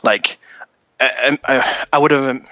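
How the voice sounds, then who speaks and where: A man co-hosting a podcast in casual chat, talking haltingly with frequent stumbles and restarts. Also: mid-range voice, steady tone, sharp tone, no echo, muffled recording. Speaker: podcast co-host.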